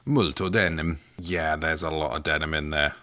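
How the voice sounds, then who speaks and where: A man's voice: rumbling low, completely flat delivery, brisk, pushed and bright, smooth, dry recording, clean studio sound. A man with a Northern English accent co-hosting a comedy podcast, joking playfully and laughing often. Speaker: podcast co-host. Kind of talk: comedic casual chat.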